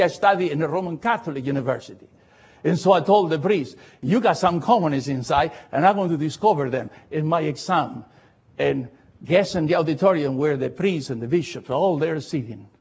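A man with a Latin American Spanish accent preaching a sermon, impassioned and repeating phrases, swinging from loud cries to low asides. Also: husky, lo-fi sound.

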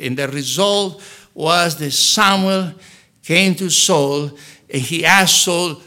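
A male pastor preaching a sermon in a high, bright voice. He leans hard on key words and acts out the scripture he reads, with sudden pushes in volume. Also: slow. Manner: emphatic, acts out scripture quotes.

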